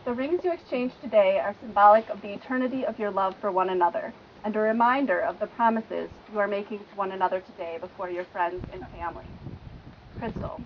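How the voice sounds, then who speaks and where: A woman officiating a wedding, leading the ring exchange in a clear, measured, formal way outdoors by a lake. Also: mid-range voice, lo-fi sound, a little hiss or hum.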